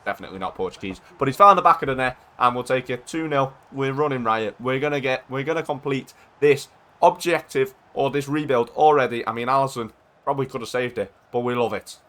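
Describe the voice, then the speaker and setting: A man giving casual, excitable commentary over his own football video game match, chatting and shouting at goals. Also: medium pitch, fairly quick. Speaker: gaming YouTuber.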